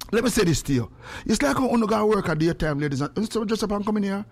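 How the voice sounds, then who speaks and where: A middle-aged man with a Jamaican accent, chatting casually as a radio host in patois, now and then breaking into song or a shout. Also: on the high side. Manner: patois, animated, bursts into singing and shouting.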